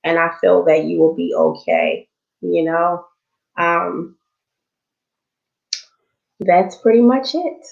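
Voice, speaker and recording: A woman's voice: fairly low pitch, slow, vocal fry, long pauses. Chatty woman guest on muffled audio. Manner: relaxed, chatty, filler-heavy. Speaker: guest content creator. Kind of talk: casual online interview.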